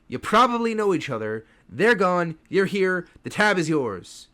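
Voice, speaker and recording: A man voicing a gruff, bearded female dwarf barkeep who bluntly accuses a patron. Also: high voice, big pitch swings, measured pace, sharp tone, heavily acted. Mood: accusing. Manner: brusque, accusing.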